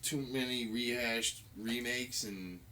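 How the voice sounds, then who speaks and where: A man's voice: medium pitch, slow pace, bright, forceful tone, low-quality recording. A young man on a podcast as a guest, tired and yawning, teasing the host and swearing casually. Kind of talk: casual chat.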